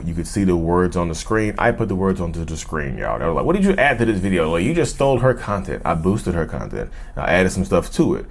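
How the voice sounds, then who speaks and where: A man with a fairly low voice talks straight to his viewers in a loose, animated way. He repeats words and phrases as he builds his point. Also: a little hiss or hum. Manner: animated, repetitive, addresses viewers as y'all. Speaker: host. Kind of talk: casual talk to camera.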